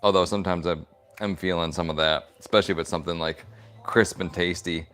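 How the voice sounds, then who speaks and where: Giggly low-voiced man chatting while crafting. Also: fairly even intonation, quick pace, a bit bright. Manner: playful, giggly, rambling. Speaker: host of a crafting stream. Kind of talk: casual chat while crafting leather.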